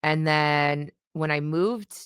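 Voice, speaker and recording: A woman's voice: sits low, slow pace, a bit bright, clean tone, dry recording, studio quality. Giggly woman from Canada. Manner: laughs often while telling stories. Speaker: interview guest. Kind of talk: casual interview chat.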